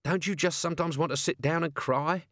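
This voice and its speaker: A man's voice: a little high, fairly quick, a bit bright, dry recording, studio quality, pitched above the performer's own voice. A man voicing a scruffy male city watchman who talks hesitantly and mumbles. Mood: sheepish, awkward.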